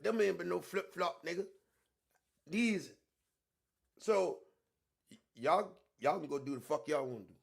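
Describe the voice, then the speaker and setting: A man with a somewhat high, gravelly voice hosts a casual livestream. He talks emphatically and profanely and circles back to repeat his points. He drops to low mutters, then rises to loud outbursts. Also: unhurried, pauses often. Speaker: online show host.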